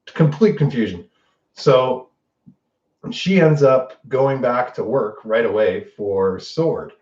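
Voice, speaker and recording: A man's voice: medium pitch, slow. A man hosting a show, giving an unscripted and profane recap of a TV episode and acting out the characters' lines as he goes. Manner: animated and profane, acts out quotes. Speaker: host. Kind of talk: casual spoiler recap. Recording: distant roomy dull lo-fi mic.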